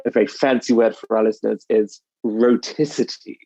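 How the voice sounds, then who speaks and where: A man's voice: on the low side, steady tone, normal speed, dark tone, no room sound. A British man, a dialect coach, explaining his work in conversation and acting out quoted phrases. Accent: British English. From United Kingdom. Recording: slightly dull lo-fi sound.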